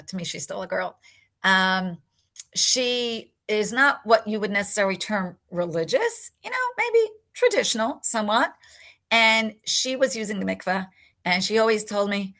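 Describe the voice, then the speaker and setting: An older woman, telling a personal story in a lively way and acting out what people said. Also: mid-range voice. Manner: animated storyteller, acts out quotes. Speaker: rebbetzin and mikveh attendant.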